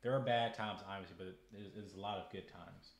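A man's voice: on the low side, brisk, reverberant. A young married man hosting his own podcast, rambling and preachy, repeating his words as he gets heated. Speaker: podcast host. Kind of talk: casual podcast monologue.

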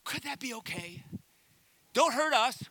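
A man's voice: extremely high pitch, expressive, measured pace, sharp tone, dry recording, pitched above the performer's own voice, exaggerated voice. A man voicing a timid crowd of men who plead meekly, then turn blunt, in a comic retelling during a sermon. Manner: meek, hesitant, then blunt.

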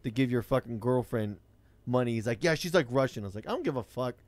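A man's voice: medium pitch, expressive, fast talker, dry recording. A man, telling a rideshare-driving story in blunt, profane casual chat.

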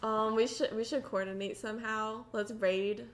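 A woman's voice: fairly high pitch, fairly even intonation, moderate pace, crowd noise. A woman co-hosting a comedy podcast, chatting casually, blunt and teasing, often laughing. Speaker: podcast co-host.

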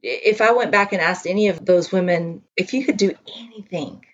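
Podcast co-host, woman in her forties, Texan drawl, frank and animated, a touch low. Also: moderate pace, lo-fi sound. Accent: Texan Southern US. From Texas, US. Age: 40s. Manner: frank and animated, swears freely. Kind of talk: candid casual chat.

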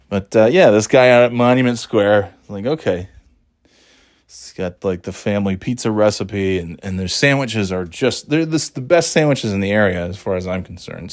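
A middle-aged man hosting his own podcast, talking in a rambling, casual way, swearing freely and laughing at himself. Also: fairly low pitch. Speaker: podcast host. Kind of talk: casual solo podcast monologue.

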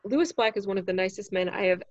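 A woman who is a standup comic, telling a story in casual chat, animated and swearing freely. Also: medium pitch, quick pace, no room sound, dull audio. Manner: animated, acts out quoted voices, swears freely.

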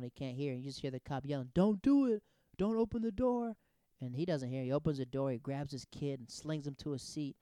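A man in his thirties telling personal stories in a casual, animated, digressive way, often restarting his sentences. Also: mid-range voice, clean tone, dry recording, clean studio sound. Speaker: storyteller. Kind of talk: casual anecdotal storytelling.

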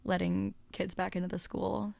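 A woman's voice: lowish voice, level tone, normal speed, creaky, darkish tone, no echo. A young woman co-hosting a podcast, telling stories in a chatty way, swearing and saying "like" often. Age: young adult. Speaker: podcast co-host. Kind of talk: casual chat.

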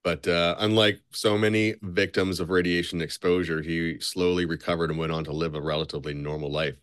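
A man's voice: deep voice, fairly even intonation, a little fast, fairly bright tone, smooth, no room sound, studio quality. A young man on a podcast, casually retelling a story, rambling and cursing a lot. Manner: swears a lot, loose and rambling. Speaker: podcast co-host.

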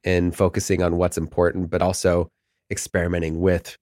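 A man's voice: deep voice, completely flat delivery, a little fast, darkish tone, dry recording, studio quality. A middle-aged man talking as a podcast guest in casual, rambling chat, often laughing mid-sentence.

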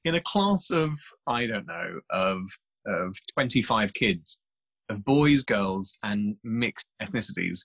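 Guy chatting on a podcast, kinda husky, lots of stop-start restarts. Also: lowish voice, slow, no room sound, rough recording. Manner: animated storytelling, many restarts. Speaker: scientist guest. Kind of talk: casual interview chat.

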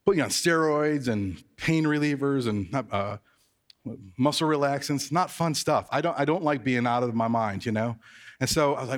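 A man's voice: medium pitch, normal speed, in a large hall. A man preaching as a pastor, telling stories in a conversational, self-mocking way. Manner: conversational, self-deprecating storytelling. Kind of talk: sermon.

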